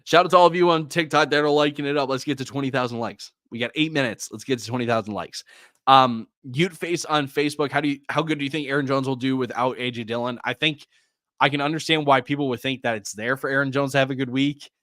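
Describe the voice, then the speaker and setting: A man hosts a live fantasy football stream, reading out viewers' names and snapping back quick start-or-sit calls. He sighs often and sounds a little distracted. His voice sits at a middle pitch and is recorded close and dry, with no room sound. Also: a bit bright, no echo. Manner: rapid answers, reads viewer names and questions. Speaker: fantasy football podcast host.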